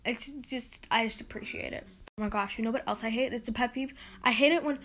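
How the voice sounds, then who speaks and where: Female podcast host, high voice, rambling exasperated rant, filler-heavy. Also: fairly quick, a bit bright. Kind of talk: casual solo podcast rant.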